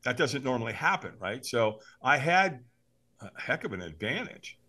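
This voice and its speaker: A man's voice: mid-range voice, moderate pace. A man, a podcast guest, telling a story with animation, acting out voices and laughing often. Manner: lively, acts out voices in his stories, laughs often.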